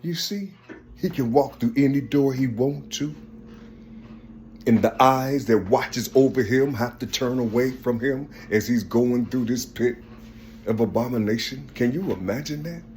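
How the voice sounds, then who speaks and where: A man in a rambling personal monologue, halting and repetitive, often asking "you see?" and trailing off softly. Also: mid-range voice, slight background noise. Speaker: speaker sharing personal visions.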